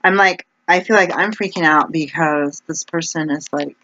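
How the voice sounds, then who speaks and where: A woman's voice: sits low, fairly even intonation, measured pace. A woman vlogger talking casually to camera in a meandering, chatty way, with lots of "like" and restarts. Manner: chatty, meandering, heavy use of "like". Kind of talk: casual rambling monologue. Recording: dull lo-fi with faint noise.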